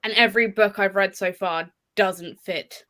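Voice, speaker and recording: A woman in a relaxed book chat, blunt and a little exasperated in tone. She swears freely while griping about her reading. Her voice sits at a middle pitch. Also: normal speed. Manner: blunt, swears casually, gripes with humor. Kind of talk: casual chat.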